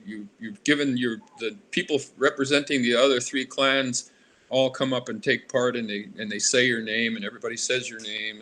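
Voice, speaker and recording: A man's voice: mid-range voice, sharp tone. A man in his sixties from Alaska, an artist being interviewed, who drifts into long tangents and loses his thread. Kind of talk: casual interview.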